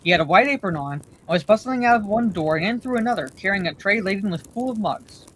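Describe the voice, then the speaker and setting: A woman reading a bedtime story aloud in a calm, steady way as the storyteller. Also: mid-range voice, quick pace, a little hiss or hum, rough recording.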